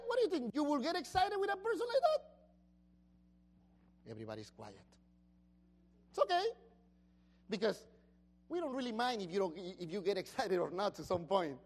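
Animated woman preaching a sermon. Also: high voice. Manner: animated, questions the congregation, shouts the master's praise. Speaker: pastor.

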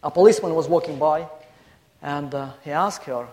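A man's voice: on the high side, normal speed, darkish tone. A man giving a guest sermon, emphatic, listing points and telling a story to a congregation. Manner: emphatic, building lists and storytelling. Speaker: guest preacher. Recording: long hall reverb.

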